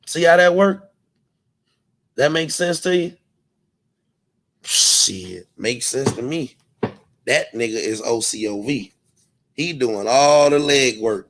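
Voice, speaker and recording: A man's voice: mid-range voice, animated, unhurried, pauses often, fairly bright tone. A man talks straight to his channel audience in a loose, profane rant. He slips into short mocking impressions of other people, then drops back into his own casual voice. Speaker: commentary channel host. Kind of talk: casual ranting commentary.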